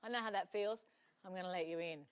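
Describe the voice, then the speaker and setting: An Australian woman in her forties, a comedic guest telling animated, laughing anecdotes on a TV panel show. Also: on the low side, fast, smooth. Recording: dull lo-fi TV audio.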